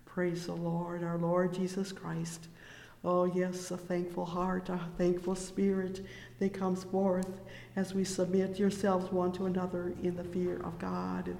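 Slow, steady preacher in an echoey hall. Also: medium pitch, creaky. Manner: punctuates with "oh, yes" and "praise the Lord"; reads scripture in King James wording. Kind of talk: sermon.

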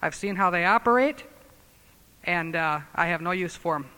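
A man preaching a sermon, emphatic and scornful, dropping from loud declarations to low muttered asides. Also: normal speed, clean tone, long reverb tail.

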